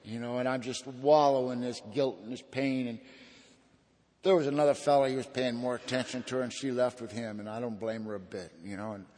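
A man's voice: medium pitch, steady tone, fairly quick, a little mellow, long reverb tail. A man giving an earnest personal testimony at a recovery meeting, in a folksy storytelling manner.

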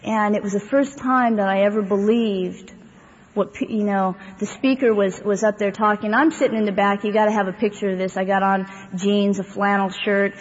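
A woman's voice: medium pitch, fairly even intonation, moderate pace. A woman speaking to a live audience at a recovery meeting, telling her own story in a rambling, conversational way with lots of fillers and wry humor. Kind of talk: personal testimony talk to a live audience. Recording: dull, echoey hall recording with faint hiss.

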